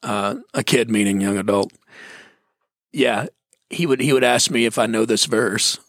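A man's voice: fairly low pitch, steady tone, measured pace, fairly bright tone, no echo. A man, a pastor, chatting on a podcast in a joking, self-mocking way. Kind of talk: casual podcast chat.

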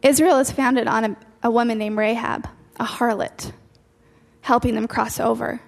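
A woman's voice: a little high, steady tone, normal speed, creaky. Woman preaching in a reverberant hall. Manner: earnest, repeats key phrases for emphasis. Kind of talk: sermon. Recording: long hall reverb with faint music.

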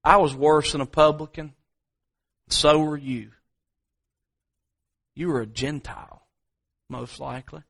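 A male pastor preaching a sermon, slow and emphatic, repeating key phrases. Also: a little high, steady tone, creaky, a bit bright.

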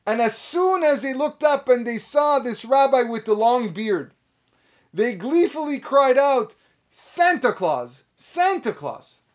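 A man delivers a sermon in a high, ringing voice. He preaches with passion and climbs to emphatic peaks. He slips Hebrew phrases into his talk. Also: animated, measured pace. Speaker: rabbi.

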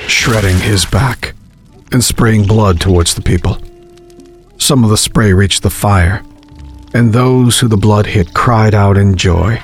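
A man narrating a horror story in a measured, grim storytelling manner. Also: lowish voice.

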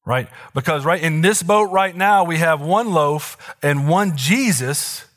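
A man's voice: fairly high pitch, expressive, unhurried, a bit bright. A man in his thirties, a pastor giving a sermon in a loose, conversational way with frequent asides to the congregation. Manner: conversational preaching with fillers and asides.

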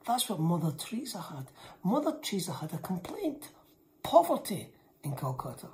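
Low-voiced woman preaching an emphatic sermon. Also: big pitch swings, normal speed. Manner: emphatic, repeats lines for weight, often drops to a hushed whisper.

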